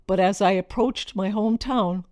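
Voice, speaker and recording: A middle-aged woman from Minnesota reading her own personal story in a reflective, expressive way. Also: mid-range voice, moderate pace, no echo, clean studio sound. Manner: reflective, expressive, lingering over list words.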